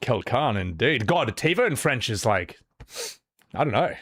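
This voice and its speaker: A man's voice: mid-range voice, sing-song, unhurried, a bit bright, slightly rough, no room sound. A man, casually chatting on a live stream and reacting with exclamations and stammering restarts.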